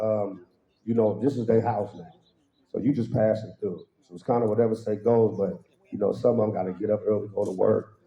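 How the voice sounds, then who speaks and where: A man giving a humorous storytelling testimony at a church service, acting out voices and laughing along with his own punchlines. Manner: animated, acts out quoted voices with sudden high pitch jumps. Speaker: guest speaker at a worship service. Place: church hall. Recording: roomy, slightly dull hall sound.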